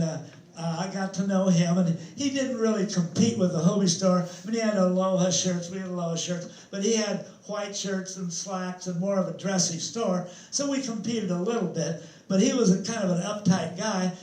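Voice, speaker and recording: A man's voice: high voice, a little mellow. An older man telling rambling, chuckling stories as a guest speaker at an evening talk. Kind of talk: storytelling talk. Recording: echoey hall.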